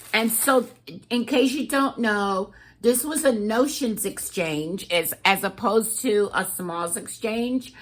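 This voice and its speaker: A woman chatting to camera as a cross-stitch vlogger, gushing and excitable as she talks straight to her viewers. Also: mid-range voice, a little hiss or hum. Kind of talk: casual chat to camera.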